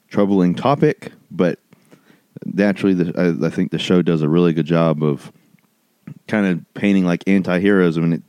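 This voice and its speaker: A man's voice: low voice, darkish tone, clean tone, no room sound. A man co-hosting a podcast in casual chat, rambling with fillers and laughing often. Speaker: podcast co-host.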